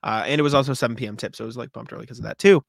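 A young man, co-hosting a podcast and telling stories in an animated, cursing, laughing way. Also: medium pitch, very fast, gravelly, dry recording. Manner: animated, laughing storyteller, swears freely. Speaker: podcast co-host. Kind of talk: casual chat.

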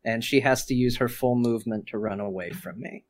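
A man playing a tabletop game, describing his character's actions deliberately and hesitantly, with many fillers. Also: medium pitch. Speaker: player.

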